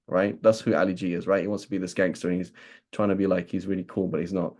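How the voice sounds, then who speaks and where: British male teacher, low mellow voice, chatty lesson style, keeps checking in with "right?". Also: level tone, fast. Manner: keeps asking "right?", acts out imagined speakers. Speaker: religious teacher. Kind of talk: conversational lesson.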